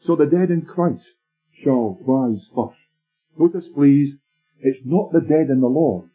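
A man preaching a sermon, telling stories in a measured, emphatic way. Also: fairly high pitch, husky. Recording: tinny lo-fi sermon tape with faint music.

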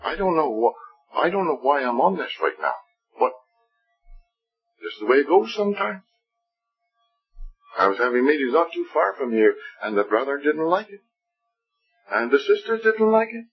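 A man preaches an earnest gospel sermon, pleading with his listeners. His husky voice is lively, swinging high and low in pitch. The recording is dull and lo-fi, with faint music underneath. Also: moderate pace, long pauses. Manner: earnest, rising and falling pleading delivery.

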